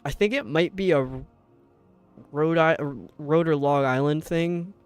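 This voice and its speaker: A man's voice: fairly high pitch, clean tone, faint music behind. A young man from upstate New York with a light New York accent, a game streamer chatting casually and rambling with viewers. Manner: rambling, chatty, quick laughs. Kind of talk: casual chat with viewers while gaming.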